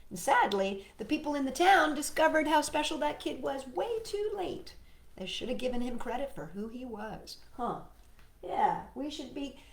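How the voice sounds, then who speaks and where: A woman hosting a children's storytime, reading a picture book aloud in a gentle, expressive way and chatting to a puppet. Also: on the high side. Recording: roomy echo, faint music.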